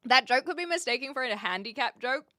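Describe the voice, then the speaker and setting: A woman from New Zealand chats with her live stream audience from an attic room, answering chat messages in a loose, self-mocking way. Her voice sits a little high and sounds bright and forward. The recording is close and dry, with hardly any room sound. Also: animated, quick pace, no room sound. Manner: chatty, self-mocking, breaks into laughter. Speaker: livestreamer. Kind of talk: casual chat reading live chat.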